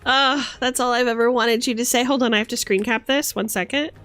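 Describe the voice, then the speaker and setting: A woman's voice: on the high side, steady tone, brisk, fairly bright tone, soft background music. A woman live-streaming in a bard persona, chatting playfully and teasing her viewers. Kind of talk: casual live-stream chat.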